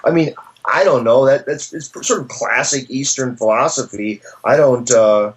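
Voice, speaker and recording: A man's voice: medium pitch, moderate pace. A man, a professor, talks through philosophical ideas in a conversational interview, searching for his words and reaching for stories to make his points. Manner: thoughtful, searching, with frequent restarts and storytelling asides.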